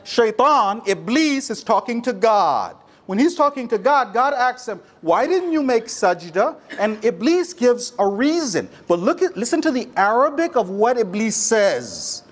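A man's voice: very high-pitched, sing-song, a little slow, hardly any pauses. A man preaching a sermon to a congregation, using rhetorical questions and repetition. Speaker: religious speaker.

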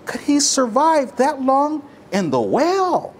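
A man's voice: extremely high pitch, sing-song, slow, slight background noise, pitched above the performer's own voice, heavily acted. A man playing a skeptical airplane passenger who asks a believer prodding, sarcastic questions.

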